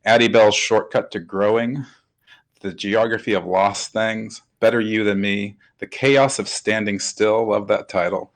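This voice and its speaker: A man's voice: on the low side, fairly even intonation, unhurried, rough recording. A man hosting a webcast interview, talking in an upbeat, chatty way with lots of fillers. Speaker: webcast host. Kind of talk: casual hosted interview.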